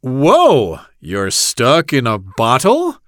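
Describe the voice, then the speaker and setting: A man's voice: mid-range voice, wildly swooping pitch, very slow, no echo, clean studio sound, heavily acted. A man doing a breezy, lazy grasshopper. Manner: loud, breezy and offhand. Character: lazy, carefree male grasshopper.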